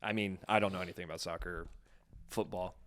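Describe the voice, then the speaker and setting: A man's voice: low voice, steady tone, quick pace, a bit bright. A young man co-hosting a casual podcast chat, opinionated and earnest, rambling a bit. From northwestern United States. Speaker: podcast co-host.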